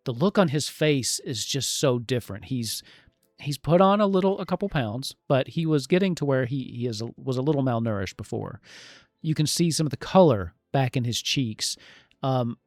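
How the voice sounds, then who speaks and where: A man's voice: mid-range voice, no room sound, clean studio sound. A man narrating a tabletop game as game master, descriptive and meandering.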